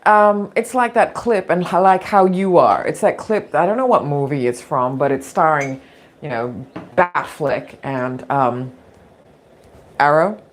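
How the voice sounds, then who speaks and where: Low-voiced and a little slow, this podcast host speaks her mind bluntly on a laid-back talk show. She wanders off on tangents and laughs a lot, though throat irritation makes her cough now and then.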